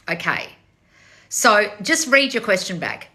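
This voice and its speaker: A woman's voice: fairly low pitch, big pitch swings, moderate pace, sharp tone. A woman, a manifestation coach, giving blunt, swearing advice in a lecturing monologue.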